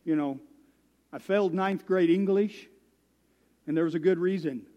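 A man's voice: sits high, normal speed, long reverb tail, highs cut off. A man preaching as a guest speaker, folksy and self-deprecating, telling stories. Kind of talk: sermon. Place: church.

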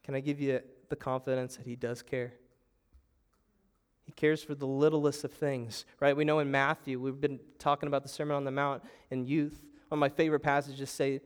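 A man's voice: medium pitch, level tone, moderate pace, smooth. A young adult man preaching a sermon as pastor, telling the story with animation and acting out panicked voices. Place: church sanctuary.

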